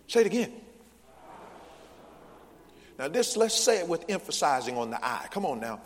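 Male preacher, animated call-and-response delivery, booming church sanctuary reverb. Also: moderate pace, long pauses, a little hiss or hum. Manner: call-and-response preaching, rising to loud bursts. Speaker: pastor. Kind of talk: sermon. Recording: long church hall reverb.

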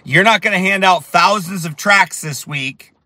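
A man preaching with fire and emphasis as he tells a story, at times rising to shouts. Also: sits high, moderate pace, no echo. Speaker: street preacher. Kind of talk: preaching while telling a story.

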